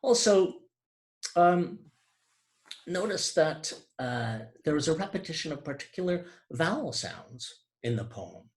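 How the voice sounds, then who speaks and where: A man giving an online lecture on poetry, explaining with hesitant fillers and restarts and slowing down to stress key terms. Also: a little high, sing-song, darkish tone.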